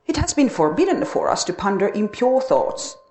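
A woman's voice: medium pitch, sing-song, moderate pace, darkish tone, roomy sound, slight background noise, voice pushed up, natural voice. A woman reading the lines of a formal, earnest, pious husband from an old-fashioned time, pleading and stiff. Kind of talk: storybook reading.

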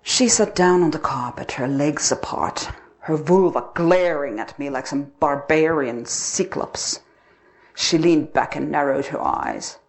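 A woman narrating a dark first-person literary story, expressive and dramatic. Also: low voice.

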